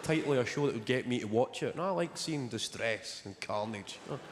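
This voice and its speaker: A young Scottish man doing a stand-up set, telling stories in a dry, deadpan way and swearing casually. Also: mid-range voice, fairly quick. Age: young adult. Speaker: stand-up comedian. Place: large theatre stage. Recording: live hall reverb, loud audience noise.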